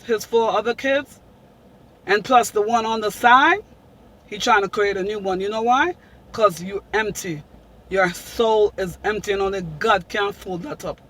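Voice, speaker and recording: A woman's voice: medium pitch, slight background noise, poor audio. A woman hosting a casual vlog, talking emphatically and preaching, repeating her points. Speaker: vlogger.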